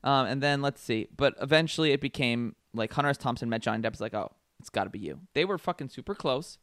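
A man's voice: mid-range voice, fast talker, fairly bright tone, dry recording, clean studio sound. Profane joking man on a podcast. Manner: profane, joking, rambling with fillers. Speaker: podcast co-host. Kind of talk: casual chat.

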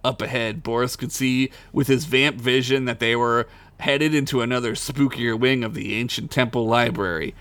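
A man's voice: medium pitch, fairly even intonation, moderate pace, a bit bright, no echo. Casting note: male podcast host reads a raunchy comedy tale aloud, dry close sound. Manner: crude jokey reading, breaks into laughter. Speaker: podcast co-host reading his own comic story. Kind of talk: comic story reading.

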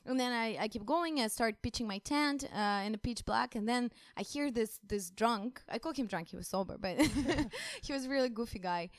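A woman with a fairly high voice tells a travel story in a relaxed, chatty way. She brings it to life by acting out the people she met. She sounds close and dry, with no room echo. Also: normal speed, hardly any pauses. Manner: animated, acts out the people she quotes. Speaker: guest, long-distance cyclist. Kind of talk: casual storytelling.

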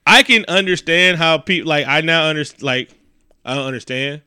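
A man recapping a movie in a casual, profane way, animated and acting out the scenes. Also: fairly high pitch, normal speed, smooth, dry recording, studio quality. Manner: animated, swears heavily, acts out scenes.

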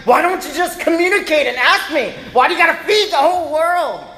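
A man voicing an exhausted, exasperated mother who complains loudly about feeding guests. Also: expressive, fairly quick, reverberant, exaggerated voice, rough recording. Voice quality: high, loud, strained. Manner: complaining, indignant outbursts.

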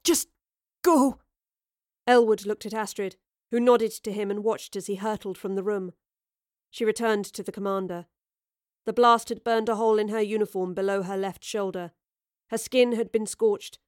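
A woman narrating an audio drama in a steady, measured storytelling voice. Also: medium pitch, dry recording, studio quality. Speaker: narrator and sole performer.

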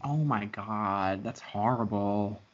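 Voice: low voice, takes it slowly. A podcast co-host in casual chat who asks lots of curious questions. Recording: dull lo-fi sound.

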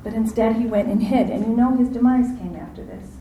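A woman preaching a sermon, lively and acting out the voices in the story, calling on her listeners to answer back. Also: a little high, a little fast, reverberant, slight background noise, poor audio. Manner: animated, acts out quoted voices, asks audience to respond.

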